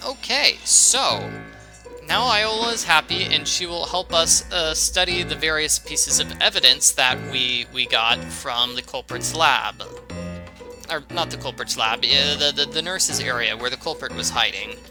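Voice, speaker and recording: A man's voice: on the high side, measured pace, over music. A man giving casual walkthrough commentary on a game, rambling and often stumbling over and repeating words. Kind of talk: casual let's-play commentary.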